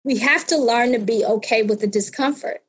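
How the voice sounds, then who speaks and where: A woman in her fifties telling a personal story in conversation, animated and acting out the people in it. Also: fairly high pitch, moderate pace, husky, rough recording. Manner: animated, acts out voices in retold scenes.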